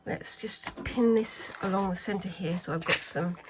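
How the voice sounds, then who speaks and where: A woman's voice: medium pitch, normal speed. Woman talking thru her sewing project, lots of ums, slips into half whispers, noisy home recording. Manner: chatty, thinking aloud, many ums and trailing phrases. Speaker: craft vlogger. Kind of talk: casual craft tutorial chat.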